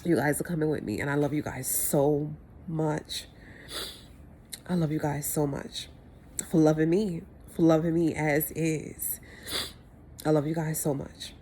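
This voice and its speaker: A woman's voice: deep voice, fairly even intonation, a little slow, long pauses, mellow, a little hiss or hum. A woman talking in a heartfelt personal vlog, emotional and repetitive as she thanks her family. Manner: emotional, repetitive, tearing up at times. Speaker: vlogger.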